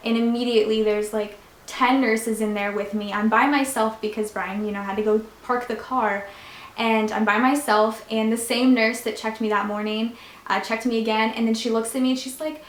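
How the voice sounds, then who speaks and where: A woman's voice: a little high, normal speed. Chatty young woman, echoey room. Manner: chatty, many fillers, animated retelling. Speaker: vlogger. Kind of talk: casual storytelling.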